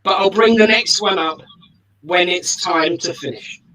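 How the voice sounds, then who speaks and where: A man's voice: sits high, a little slow, sharp tone, low-quality recording. A man hosting an online spiritualist service, chatty and affectionate, often restarting his sentences.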